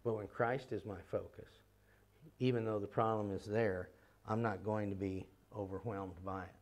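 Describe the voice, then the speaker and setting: A man's voice: on the low side, fairly even intonation, moderate pace, a little mellow. A man teaching a ministry seminar in an earnest, emphatic way, repeating key phrases and firing off runs of rhetorical questions.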